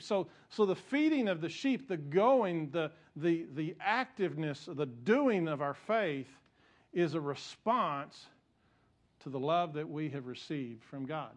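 Preacher guy, kinda high voice, goes from chatty to really emphatic. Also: expressive, a little slow. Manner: conversational preaching, rising to emphatic peaks. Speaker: pastor. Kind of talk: sermon.

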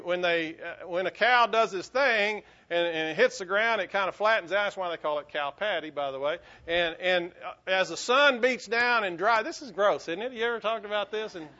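A man preaching from the pulpit, his voice sitting a little high for a man. He tells his story in a loose, rambling way, circling back with restarts and fillers. The recording sounds dull and lo-fi. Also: pushed and bright. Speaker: pastor. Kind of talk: sermon.

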